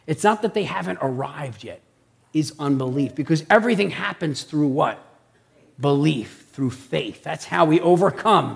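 High, gravelly-voiced man preaching conversationally. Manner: animated, checks in with listeners by asking "okay?" and "right?". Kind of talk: conversational sermon.

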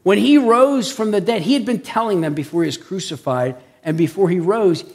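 A man preaches in a high voice that carries a gravelly edge of vocal fry. He keeps the sermon conversational and animated, tossing "okay?" and "right?" to his listeners as he goes. He sounds like he is explaining things to the people in front of him rather than reading a text. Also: brisk.

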